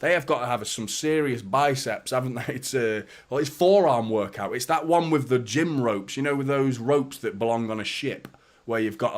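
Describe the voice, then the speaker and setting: Bloke streaming a footy watchalong, chatty, greets the chat, swears a lot, medium voice. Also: male voice, mid-range voice, normal speed. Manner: chatty, greets viewers by name, swears casually. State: a little out of breath. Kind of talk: casual live stream chat.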